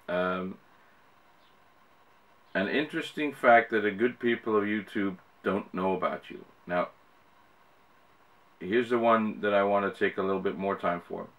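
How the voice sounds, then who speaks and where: Dutch guy, low voice, american-ish english, lots of uhs and restarts, chatty vlog. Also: a bit bright. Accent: Dutch speaker with an American-sounding English accent. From Netherlands. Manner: rambling, many fillers and restarts. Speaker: YouTuber. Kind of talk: casual talk to camera.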